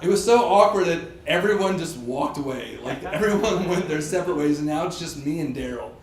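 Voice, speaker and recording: A man's voice: on the high side, fairly quick. Man telling a story, laughing, echoey room. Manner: animated, self-mocking, laughs through his lines. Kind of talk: live personal storytelling on stage. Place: stage in a pub. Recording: echoey live room, faint crowd noise.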